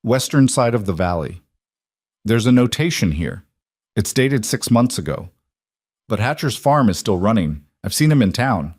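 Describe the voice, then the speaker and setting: A man voicing a determined young frontier woman who speaks flat and measured in a storybook reading. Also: fairly low pitch, dry recording, clean studio sound. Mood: steady, urgent.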